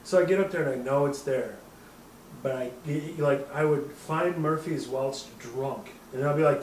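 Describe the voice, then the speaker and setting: A casual host with a slightly high, somewhat mellow voice talks fairly quickly, rambling through a profane story and laughing at it himself. The sound is roomy and off-mic, with faint background hum and ambience.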